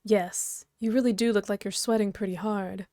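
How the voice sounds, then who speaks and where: A woman voicing a calm ghost girl who is part frog, speaking flat and quiet while reading a webcomic aloud. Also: mid-range voice, normal speed, dry recording, studio quality, natural voice. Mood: deadpan.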